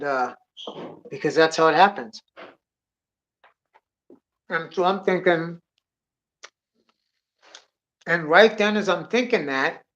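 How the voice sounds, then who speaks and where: A man's voice: a little high, muffled recording. Profane rambling man telling a wild story. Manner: profane, excitable, drawling with "dude"; acts out sound effects and voices. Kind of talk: rambling comic monologue.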